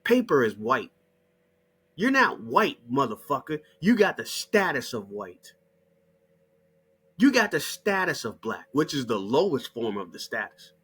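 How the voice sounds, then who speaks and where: A man's voice: mid-range voice, big pitch swings, measured pace, bright, forceful tone, husky. A middle-aged man delivering a heated, mocking monologue full of swearing. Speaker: channel host. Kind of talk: profane ranting monologue.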